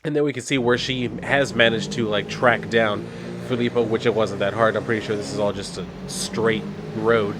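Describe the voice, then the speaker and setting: A man's voice: fairly low pitch, moderate pace, noisy background. A man casually retelling a comic book issue, reading its dialogue plainly and adding wry asides. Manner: relaxed, wry asides and fillers.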